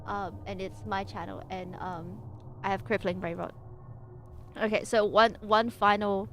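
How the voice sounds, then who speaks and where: A woman's voice: mid-range voice, steady tone, unhurried, a bit bright, a little hiss or hum. A young woman streaming as a VTuber, chatting and reading aloud in a rambling, giggly way with many fillers and restarts. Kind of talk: casual livestream chat and reading.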